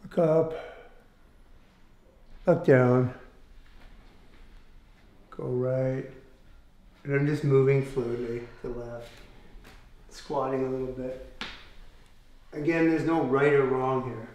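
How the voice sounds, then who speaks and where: A man leading a guided fascia exercise class, giving calm step-by-step cues and explaining as he goes. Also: mid-range voice, takes it slowly, pauses often. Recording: roomy echoey room.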